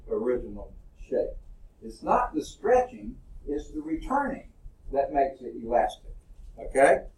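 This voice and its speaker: A male college science instructor giving a classroom lecture, explaining step by step and often checking in with "okay?". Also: on the high side. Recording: roomy echo, voice from a distance.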